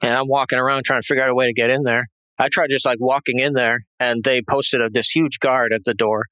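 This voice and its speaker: A man's voice: medium pitch, little pitch movement, fast talker, bright, forceful tone, clear, resonant tone, no echo, poor audio. A man being interviewed, telling a tense personal story in a rambling way, with many restarts and fillers. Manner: tense, agitated retelling. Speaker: interview guest.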